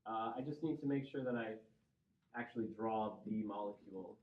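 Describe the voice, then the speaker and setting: In a roomy, dull, lo-fi classroom recording with a little hiss or hum, a Midwestern-accented man lectures his chemistry students. His voice sits on the low side and moves at normal speed as he works through each step and checks on the class.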